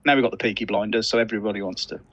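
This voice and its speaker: A man's voice: fairly low pitch, very fast, fairly bright tone, breathy edge, no room sound. A man with a Brummie accent, co-hosting a live stream with wry, joking banter. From Birmingham, England. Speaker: co-host. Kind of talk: casual live-stream chat. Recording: dry, dull lo-fi sound.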